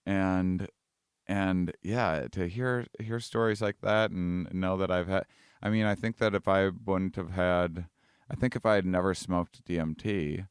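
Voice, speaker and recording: A man with a very low, smooth voice talks casually as a podcast guest. He starts over often and laughs at himself as he thinks aloud. The sound is close and dry. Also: steady tone, no echo. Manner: halting, repeats words, laughs at himself. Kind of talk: casual conversation.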